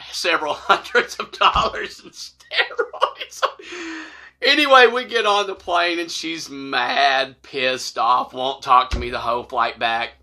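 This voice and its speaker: A man telling a funny personal story to camera, animated and laughing as he acts out the voices. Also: on the high side, vocal fry. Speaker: storytelling vlogger.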